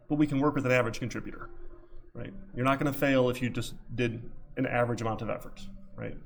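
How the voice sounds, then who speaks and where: Gravelly-voiced male programming instructor. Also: medium pitch, slight background noise. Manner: chatty, filler-heavy, repeats "right?". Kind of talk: casual classroom lecture. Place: classroom.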